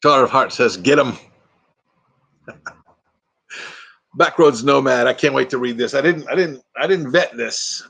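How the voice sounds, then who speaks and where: A man's voice: mid-range voice, a little slow, creaky, long pauses, fairly bright tone, breathy edge. An older man from Texas with a Texan accent, hosting a casual live chat and joking around with silly bits. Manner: jokey, slips into silly bits and voices. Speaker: livestream host.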